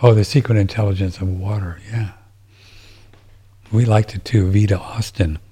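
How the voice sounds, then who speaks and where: Man, podcast host, dark mellow voice, casual rambling chat, frequent restarts, reading listener messages. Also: lowish voice, steady tone, normal speed, slightly rough. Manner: rambling, with many restarts and fillers. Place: home, seated in a chair.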